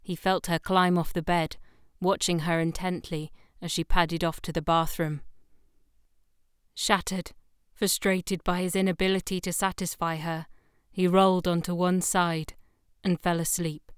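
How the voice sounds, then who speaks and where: A woman narrating adult fiction in a slow, measured, intimate reading. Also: lowish voice, level tone, clean tone, dry recording, studio quality. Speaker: audiobook narrator.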